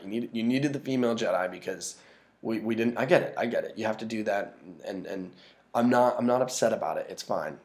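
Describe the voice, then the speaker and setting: A man's voice: lowish voice, gravelly, darkish tone. A man ranting casually and profanely about a movie he disliked, exasperated and often restarting his sentences. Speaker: movie reviewer. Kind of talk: casual film rant.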